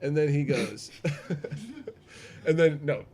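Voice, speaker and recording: A man from the American Midwest telling a comic story and playing every part in it himself, sometimes breaking into falsetto singing. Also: very animated, extremely slow, warm tone, a little hiss or hum. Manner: tells stories acting out both sides, bursts into falsetto singing. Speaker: podcast co-host. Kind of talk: comedic storytelling and banter.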